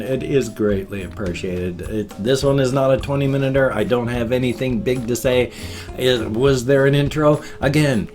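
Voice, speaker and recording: A man in his fifties talking casually to his viewers, stretching words and leaning on odd syllables for fun. His pitch sits in an ordinary middle range. Soft music plays faintly behind him. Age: 50s. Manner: playful odd emphasis, drawn-out words. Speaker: vlogger. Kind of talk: casual chat to camera.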